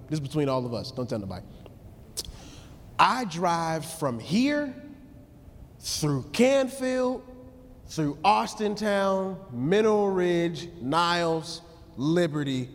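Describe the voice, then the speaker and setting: A man preaching a livestreamed sermon in an animated, conversational way that at times drops into soft, pleading prayer. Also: fairly high pitch, big-room sound. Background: loud worship music.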